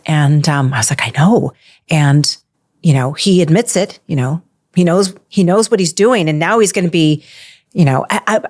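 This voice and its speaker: A woman guest telling her story in casual conversation, animated and full of restarts. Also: low voice, no echo, clean studio sound.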